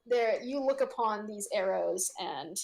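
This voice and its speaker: A woman's voice: mid-range voice, measured pace, gravelly, a little mellow. A woman narrating a tabletop game as game master, rambling with lots of ums and frequent giggles. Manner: rambling, giggly, full of fillers.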